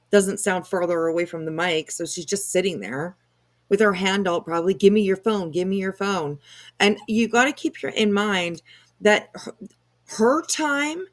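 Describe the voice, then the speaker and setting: A woman hosts a casual commentary stream in an easy mid-pitched voice. She chats loosely, swears freely and fills her talk with ums and you-knows. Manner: chatty, swears casually, lots of fillers.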